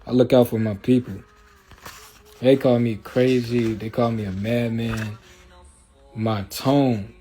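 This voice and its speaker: A man's voice: mid-range voice, fairly even intonation, slow pace, long pauses, mellow, soft background music. A man hosting a livestream in a loose, streetwise, rambling way, often checking in with his listeners. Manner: loose, streetwise, rambling, with frequent filler asides. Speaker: livestream host. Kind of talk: casual livestream talk.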